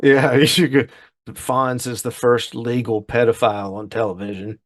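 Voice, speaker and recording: With a medium-pitched voice, steady tone and normal speed, a middle-aged man co-hosts a casual podcast. He rebuilds a story scene by scene on the recording, doing the voices of everyone in it.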